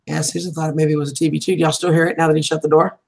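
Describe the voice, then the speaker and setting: A woman racing through casual livestream chatter has a low, darkish voice with vocal fry and little pitch movement. She laughs often, her voice is beginning to fatigue, and the recording is low quality.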